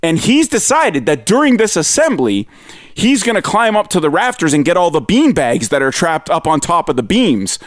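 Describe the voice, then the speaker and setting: A man spins a comic story in loose chat, swearing freely. His voice sits high and leaps up and down. He talks with constant energy. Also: normal speed, no echo, studio quality. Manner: animated, swears freely, acts out other people's voices. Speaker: podcast co-host telling a story. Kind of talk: casual comedic storytelling.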